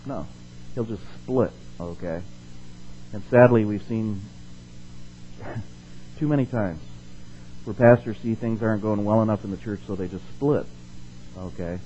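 A man teaching a Bible passage in a relaxed, conversational way. He asks the listeners questions, checks in with them often, and slows down and speaks louder when he reads the verses. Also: on the low side, highs cut off, a little hiss or hum. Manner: slows down and rises in force to stress the scripture he reads. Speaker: preacher.

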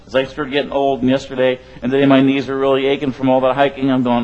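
A man's voice: mid-range voice, monotone, fast talker, few pauses, darkish tone, muffled recording. A male pastor delivering a sermon in a conversational, rambling way, often checking in with "right?".

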